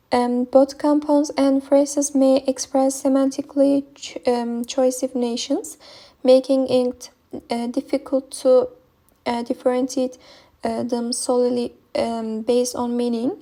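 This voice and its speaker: A woman's voice: high-pitched, warm tone. A young woman with a Turkish accent, a non-native speaker reading a linguistics presentation with many hesitations. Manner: hesitant, many ums and uhs.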